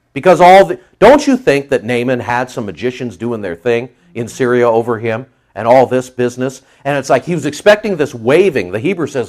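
A middle-aged male pastor preaching a folksy, animated sermon, joking with his congregation and acting out voices. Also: medium pitch, a little fast, hardly any pauses.

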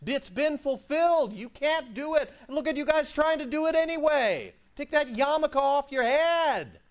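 An exasperated, scolding God, male and booming, as a man puts him on in his sermon. The voice sits high and swings widely. The recording sounds dull and lo-fi. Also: animated, unhurried.

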